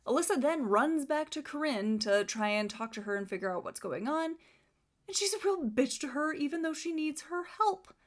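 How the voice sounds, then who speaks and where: A woman's voice: high voice, animated, normal speed. A young woman reviewing a book she dislikes, sarcastic and exasperated, often reading passages aloud.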